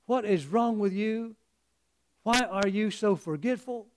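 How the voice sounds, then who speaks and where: A man's voice: sits high, animated, unhurried, a little mellow, a little hiss or hum. A man voicing an exasperated male dog owner who scolds his dog, the punchline figure of a church joke. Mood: scolding.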